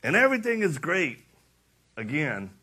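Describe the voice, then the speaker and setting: A middle-aged preacher with a slightly high voice speaks at normal speed, his pitch swinging widely, his tone sharp with a breathy edge. His impassioned sermon repeats lines for emphasis and acts out stories with laughter.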